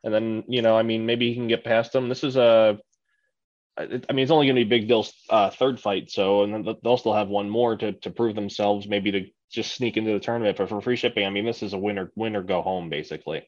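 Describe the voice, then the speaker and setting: A man with a fairly low voice chats casually as a podcast co-host. He rambles and restarts his sentences often. The audio is muffled and lo-fi. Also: steady tone, fast. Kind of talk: casual chat.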